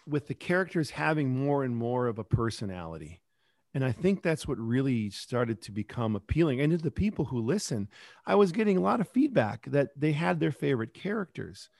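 A middle-aged man talks reflectively as an interview guest about his kids podcast. He rambles and restarts now and then, at an ordinary pitch. The sound is dry and close. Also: big pitch swings, normal speed, creaky, no room sound. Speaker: kids podcast creator and teacher. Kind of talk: casual interview talk.

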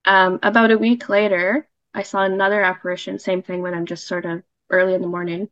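A woman's voice: medium pitch, little pitch movement, a little fast, fairly bright tone, no room sound, muffled recording. A woman casually telling a personal story as a podcast guest, chatty, with fillers and laughs.

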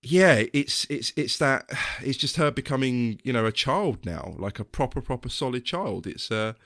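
A man's voice: mid-range voice, expressive, moderate pace, a bit bright, no room sound, studio quality. A man, co-hosting a casual podcast chat, talking with many ums and restarts. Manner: hesitant, full of ums and restarts. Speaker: podcast co-host.

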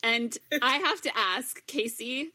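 A woman's voice: a little high, slow, bright, forceful tone, low-quality recording. A woman co-hosting a podcast, playful and teasing in casual chat. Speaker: podcast co-host.

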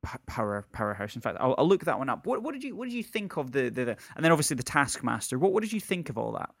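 A man's voice: mid-range voice, very animated, quick pace, gravelly, no echo, studio quality. A man in a casual film chat, asking stumbling, enthusiastic questions.

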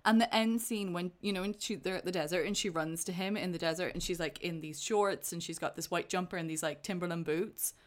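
A woman's voice: fairly low pitch, brisk, few pauses. A woman co-hosting a casual film chat, enthusiastic and sweary, eager to share fun facts. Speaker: podcast co-host. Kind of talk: casual chat about films.

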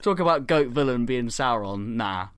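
A young podcast host spins a comic story with lively energy, swearing freely and jumping into voices for the people in it. His voice sits mid-range and the recording is dry and close. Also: mid-range voice, moderate pace, smooth, dry recording. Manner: animated, swearing, acting out quotes.

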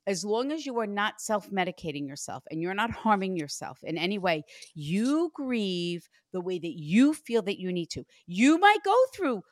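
A woman psychic medium giving a reading, animated and chatty, acting out what the spirit says. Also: mid-range voice, normal speed, no room sound, studio quality. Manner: animated, acts out the spirit's voice in quotes.

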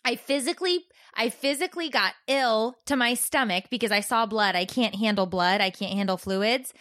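A woman in her forties chatting casually as a co-host, animated and acting out the voices in her stories. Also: a little high, normal speed, no room sound, studio quality. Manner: animated storyteller, acts out voices. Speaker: podcast co-host. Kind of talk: casual chat.

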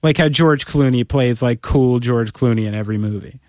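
Animated, persuasive man on a podcast. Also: moderate pace, dry recording, clean studio sound. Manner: animated, playfully persuasive, talks in long run-on pitches. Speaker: podcast co-host. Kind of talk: casual podcast chat.

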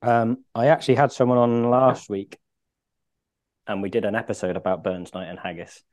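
A man's voice: fairly low pitch, level tone, normal speed, darkish tone. A man hosting a casual podcast interview, talking between bites of food. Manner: talking while chewing food. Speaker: podcast host.

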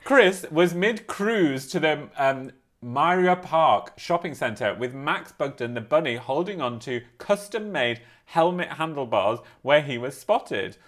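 A man's voice: a little high, a little slow, few pauses. A man co-hosting a casual podcast, reading a quirky news story aloud and breaking off to joke and laugh as he goes. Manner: animated, laughs while reading, breaks off to comment. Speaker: podcast co-host.

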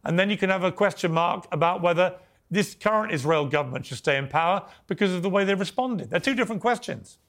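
A man moderates a televised debate with a fairly high-pitched voice. He is firm and direct. He cuts in to hold control and keep the argument on his question. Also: lively intonation, quick pace, fairly bright tone. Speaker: host.

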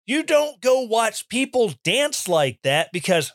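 A man giving opinion commentary in an animated, sarcastic rant, mimicking people he mocks. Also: high voice, slow, few pauses, no echo, clean studio sound. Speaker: commentary host.

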